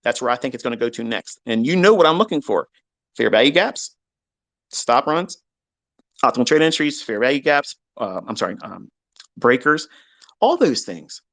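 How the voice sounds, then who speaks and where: A man hosting a live online audio chat, ranting heatedly and profanely, swinging between loud outbursts and low mutters. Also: big pitch swings, moderate pace. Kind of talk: heated unscripted rant. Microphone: online audio room.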